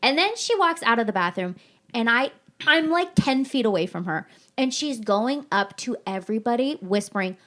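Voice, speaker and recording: A woman's voice: fairly high pitch, moderate pace. A woman hosting a casual chat, telling dramatic stories with lots of swearing. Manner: animated, dramatic storytelling, swears often. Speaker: podcast host.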